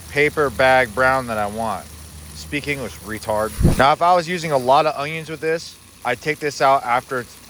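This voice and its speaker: A cooking channel host films a vlog at an outdoor kitchen, chatting casually as he cooks in a relaxed, offhand, wry manner. His voice is mid-range with a fairly bright tone, with slight background noise.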